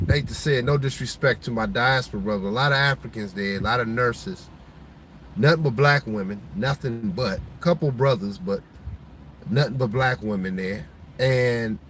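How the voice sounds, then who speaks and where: A man at an ordinary pitch tells his viewers a deeply personal story. His telling is emotional and heartfelt, full of pauses and restarts. A faint hum of vehicle noise sits behind his voice. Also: rough recording. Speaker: show host.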